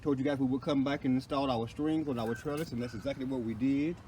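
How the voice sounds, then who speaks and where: A man's voice: mid-range voice, fairly even intonation, fast talker, warm tone, slight background noise, low-quality recording. A man hosting a gardening vlog from his front yard garden, talking in a folksy, repetitive way and often saying "indeed" and "you guys.". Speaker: gardening channel host. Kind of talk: casual garden vlog narration.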